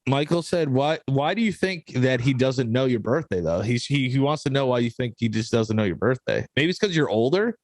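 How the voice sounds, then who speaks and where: A young man co-hosting a podcast, telling family stories in a loose, animated way, acting out quotes and swearing casually. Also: mid-range voice, fairly quick, few pauses, dry recording. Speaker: podcast co-host. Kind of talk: casual storytelling chat.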